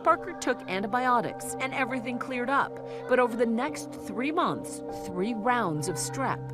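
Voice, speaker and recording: A woman narrating a news feature in a measured, serious scripted delivery. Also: fairly high pitch, lively intonation. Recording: voice-over with loud music bed.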